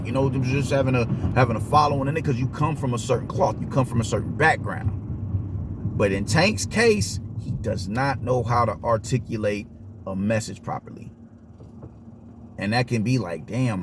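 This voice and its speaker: A man's voice: fairly low pitch, slight background noise. A man giving a casual opinion monologue on boxing, emphatic and repetitive, with streetwise slang. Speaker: boxing commentator.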